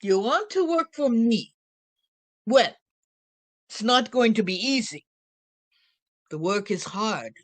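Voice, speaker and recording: A woman's voice: fairly high pitch, lively intonation, takes it slowly, pauses often, no room sound, poor audio. A woman storyteller playing an ancient, wry witch in a drawling, teasing first-person telling. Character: ancient wry female witch Baba Yaga.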